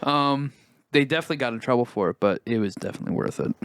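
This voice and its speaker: A man's voice: mid-range voice, animated, rapid-fire, a bit bright, clear, resonant tone, no echo. Young guy podcast cohost, rambly storyteller, dry close sound. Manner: rambling, laughing anecdotes. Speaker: podcast co-host. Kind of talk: casual chat.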